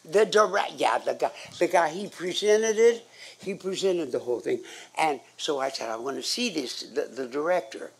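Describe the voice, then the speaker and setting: An older woman on a live stage, telling a rambling story in a halting way, often losing her words. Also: low voice, animated. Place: live club stage before an audience.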